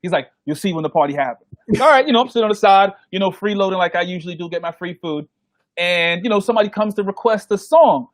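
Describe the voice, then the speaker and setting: A man, a DJ guest telling stories in a casual interview, animated and acting out the voices of people he quotes. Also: high voice, quick pace, no echo. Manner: animated, acts out quoted voices, laughs often.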